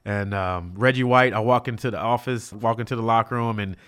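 A man in his fifties from California, a former pro football player telling his story as a guest in an interview, lively and acting out the voices of people in it. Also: brisk, clean tone. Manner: lively, acts out quoted voices with jumps in pitch and loudness.

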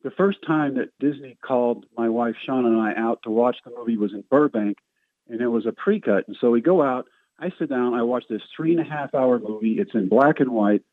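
A middle-aged man tells stories in an animated, self-deprecating way, slipping into the voices of the people he quotes. He comes through a thin, phone-like line with a dry, close sound. His pitch sits in an ordinary middle range for a man. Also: a little fast, dry recording. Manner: lively, self-mocking storyteller acting out quoted voices. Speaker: guest, former baseball player. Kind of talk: storytelling interview.

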